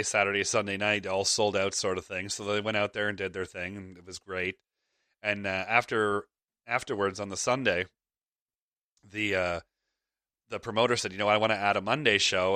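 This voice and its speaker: A man's voice: fairly low pitch, pushed and bright, no room sound, clean studio sound. A middle-aged man hosting a podcast, telling a casual story in a rambling, chatty way with lots of fillers and restarts. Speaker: podcast host.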